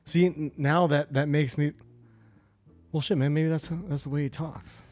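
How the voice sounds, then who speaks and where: A man's voice: on the high side, steady tone, moderate pace, a little mellow, no room sound. Joking man chiming in on a podcast. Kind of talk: casual chat.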